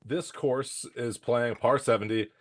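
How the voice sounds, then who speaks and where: A man's voice: medium pitch, fairly even intonation, unhurried, dry recording, studio quality. A man co-hosting a casual golf podcast, arguing his points one by one. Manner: argumentative, makes his case in points. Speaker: podcast co-host. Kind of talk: casual sports chat.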